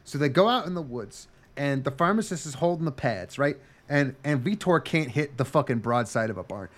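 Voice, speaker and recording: A man on a casual comedy podcast, recapping a story with lots of swearing and quick, animated character voices. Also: fairly high pitch. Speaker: podcast co-host.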